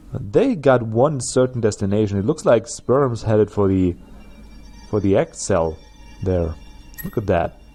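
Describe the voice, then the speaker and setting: A man's voice: fairly low pitch, mellow. A man with a German accent, a native German speaker, chatting through gameplay commentary as a let's play host and laughing at his own jokes.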